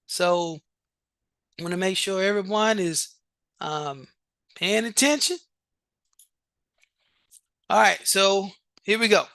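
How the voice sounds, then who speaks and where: A show host reads out vote results on a live stream in a slow, drawn-out way. The voice is bright and forward, with repeated words and restarts, and the sound is dry and close. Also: mid-range voice, expressive, no room sound. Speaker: competition coach and show host.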